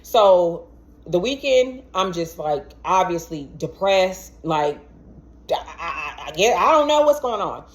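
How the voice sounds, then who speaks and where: A young adult woman telling a personal story to camera in a casual, animated way, acting out what others said and stumbling over repeated words. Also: lowish voice. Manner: animated, acts out quoted voices, stammers and repeats words.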